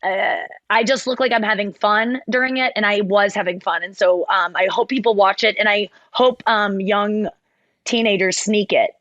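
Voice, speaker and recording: A woman's voice: mid-range voice, steady tone, moderate pace, a bit bright, dry recording, highs cut off. A woman hosting a podcast in casual chat, talking candidly and rambling with many fillers and restarts. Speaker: podcast host.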